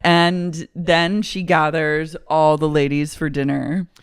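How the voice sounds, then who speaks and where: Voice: medium pitch, little pitch movement, takes it slowly, clear, resonant tone, no room sound, clean studio sound. A podcast co-host casually recapping a reality show, narrating scenes with fillers and mimicked quotes.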